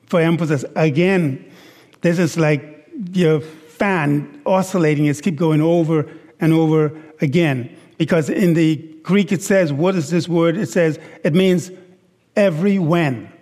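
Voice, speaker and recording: Emphatic preacher in a reverberant hall. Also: male voice, fairly high pitch, a little mellow. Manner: slow, deliberate, emphatic preaching with rhetorical questions. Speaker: pastor. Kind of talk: sermon.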